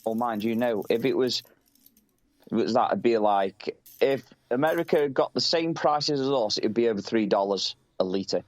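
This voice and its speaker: A man's voice: mid-range voice, moderate pace, dry recording. Sweary British man, chatty. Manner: swears a lot, rambling, laughs easily. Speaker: podcast co-host. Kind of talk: casual chat.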